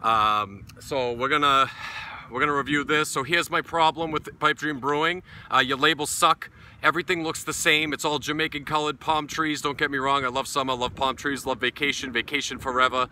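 A man's voice: medium pitch, steady tone, moderate pace, pushed and bright, slight background noise. A middle-aged man from New England with a New England accent, reviewing a beer in a casual, blunt, profane and sarcastic way while sitting out in his backyard. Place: backyard outdoors.

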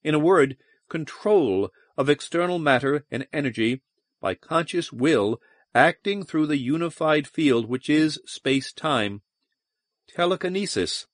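A man's voice: a little high, expressive, measured pace, dry recording, clean studio sound, pitched above the performer's own voice. A man voicing an earnest male scientist officer explaining a theory in an audiobook.

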